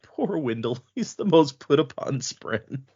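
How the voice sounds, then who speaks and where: A man hosting a podcast, recapping a book chapter in a casual, animated way. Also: mid-range voice, a little slow, slightly rough, dull audio. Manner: animated, laughing. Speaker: podcast host.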